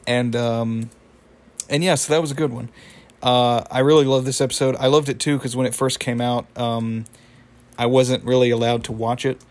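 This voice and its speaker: A man's voice: mid-range voice, level tone, moderate pace. A young man casually recapping a cartoon episode, rambling with fillers and laughs.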